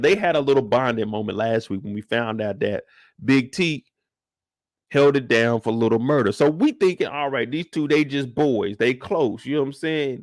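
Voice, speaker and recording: A young man, recapping a TV episode alone in loud, slangy, excitable storytelling with acted-out reactions. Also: mid-range voice, no echo, studio quality. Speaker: show recap host. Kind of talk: animated solo recap of a TV episode.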